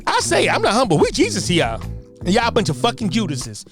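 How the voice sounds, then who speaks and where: An American speaker delivering a loud, profane, combative rant that keeps repeating its points. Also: mid-range voice, wildly swooping pitch, quick pace, music in the background. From United States. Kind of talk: ranting monologue.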